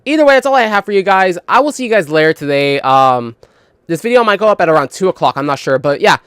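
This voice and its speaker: A man's voice: high-pitched, very animated, quick pace, a bit bright, clean tone, dry recording, studio quality. A young man telling a long rambling story to his viewers, swearing often and filling his talk with "like". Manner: rambling, heavy swearing, frequent "like" fillers; mimics others in quoted dialogue. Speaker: gaming channel host. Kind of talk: casual storytelling.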